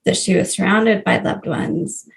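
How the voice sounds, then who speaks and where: A woman in her thirties tells a personal story as a podcast guest, speaking earnestly and warmly with small laughs. Her voice sits at a mid pitch and carries a noticeable vocal fry. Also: a little slow, a little hiss or hum. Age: 30s. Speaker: guest, grief coach.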